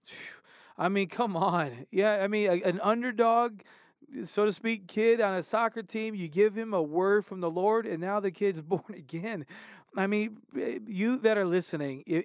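Slightly high-voiced male show host. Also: dry recording, studio quality. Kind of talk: interviewing a guest.

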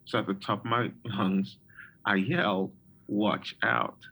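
A man with a somewhat low voice tells his own testimony as a guest in an interview. He talks in a storytelling way, with plenty of ums and restarted phrases. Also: steady tone, normal speed, a bit bright, breathy edge, poor audio. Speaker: guest prophet.

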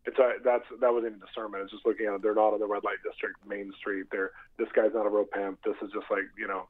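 A pastor telling a story as a guest in an animated, tumbling rush of words. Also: male voice, fairly low pitch, quick pace. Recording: tinny phone line.

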